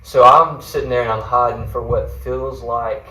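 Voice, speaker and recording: A man's voice: medium pitch, fairly even intonation, moderate pace, pushed and bright, far from the mic. Earnest man telling a story in an echoey room. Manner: earnest, rambling, with many fillers and restarts. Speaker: guest mentor sharing a testimony. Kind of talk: personal storytelling in a faith podcast chat.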